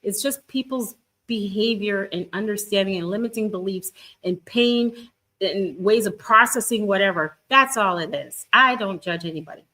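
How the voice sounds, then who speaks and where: A woman's voice: mid-range voice, moderate pace, rough recording. Encouraging woman coach live-streaming. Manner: warm, encouraging, talks straight to viewers. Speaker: twin flame guidance coach. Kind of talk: live-stream chat with viewers.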